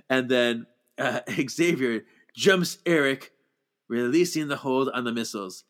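A man's voice: mid-range voice, a little slow, a bit bright. A man co-hosting a movie podcast, recapping scenes in casual chat and mocking the characters as he goes. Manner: retells scenes with mocking voices and laughs. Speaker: podcast co-host.

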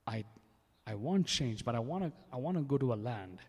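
A man's voice: medium pitch, animated, a little fast, vocal fry, a little mellow, breathy edge, muffled recording. A man from India with an Indian accent, preaching a sermon in a fervent, repetitive way, often restarting his phrases. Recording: long reverb of a large hall.

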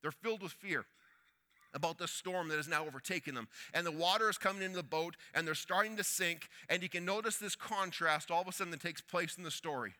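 A man preaching a sermon, telling a story that swings between loud urgency and hushed quiet. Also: high-pitched, fast talker.

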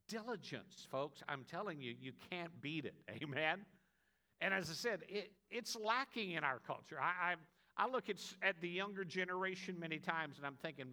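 Bright-voiced preaching man. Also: high-pitched, expressive, moderate pace. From United States. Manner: emphatic preaching, repeated "amen" calls. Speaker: pastor. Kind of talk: sermon.

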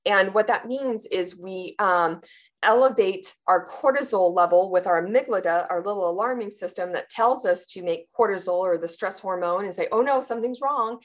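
Woman, trauma therapist guest, animated explainer who gasps out panicked inner voices. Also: fairly low pitch, moderate pace. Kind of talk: explanatory interview answer.

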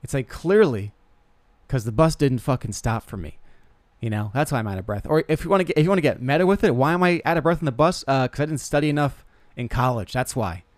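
A man's voice: medium pitch, lively intonation, fast, darkish tone, no echo. A young man hosting a podcast, telling rambling self-deprecating comic stories with lots of stammered restarts. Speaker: podcast host. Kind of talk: casual comedic monologue.

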